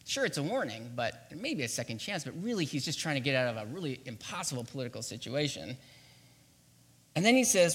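Animated, bright-voiced male pastor preaching. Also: medium pitch, a little fast, husky, big-room sound. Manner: animated and playful, acting out quotes with laughs. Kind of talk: sermon.

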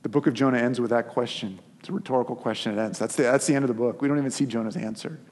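A husky-voiced man preaches a sermon, retelling the story with lively, conversational touches. His voice sits at an ordinary middle pitch. A long hall reverb follows each phrase. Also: rapid-fire. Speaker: pastor.

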